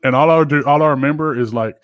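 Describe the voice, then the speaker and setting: A man's voice: on the high side, very fast, no room sound, highs cut off. A man co-hosting a podcast, telling a story in a rambling, profane way with lots of fillers. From Georgia, US. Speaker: podcast co-host. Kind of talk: casual chat.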